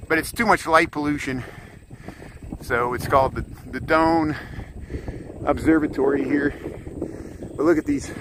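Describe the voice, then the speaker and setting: A man's voice: fairly high pitch, fairly even intonation, unhurried, long pauses, fairly bright tone, rough recording. A man live-streaming while he rides a bike outdoors by a lake, chatting to viewers by name and slightly out of breath. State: out of breath from cycling. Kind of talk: live-streamed city tour. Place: outdoors by a lakefront, riding a bike. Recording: outdoor wind noise on the mic. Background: wind noise.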